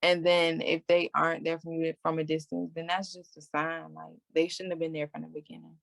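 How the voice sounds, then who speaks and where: A young woman talking frankly in a relaxed podcast chat. Her voice sits low with a gravelly, fry-tinged edge. The sound is dry and close, with no room echo. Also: brisk. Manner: candid, conversational, with laughs. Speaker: podcast host. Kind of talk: casual chat.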